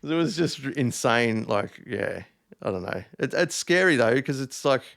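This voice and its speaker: A man's voice: mid-range voice, animated, measured pace, creaky, a bit bright. A man, a DJ guest, chatting loosely and swearing freely in a casual conversation. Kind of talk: casual chat.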